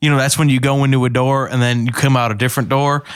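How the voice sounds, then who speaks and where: A man co-hosting a podcast in casual chat, cracking dry, deadpan jokes. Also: mid-range voice, fast talker, clean tone, dry recording. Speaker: podcast co-host.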